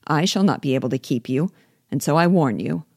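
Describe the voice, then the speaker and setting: A woman voicing a fretful, self-pitying middle-aged mother who complains in a slow, drawn-out, melancholy way. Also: deep voice, lively intonation, dark tone, no room sound, studio quality. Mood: scolding. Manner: whining, drawn-out melancholy delivery.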